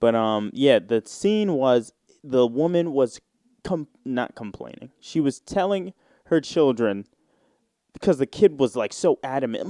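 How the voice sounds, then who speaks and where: Podcast host: a laid-back New York man with a mellow tone and a dry, close mic. He talks in a loose, profane, slangy ramble. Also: medium pitch, animated, measured pace, no room sound. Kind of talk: casual solo podcast monologue.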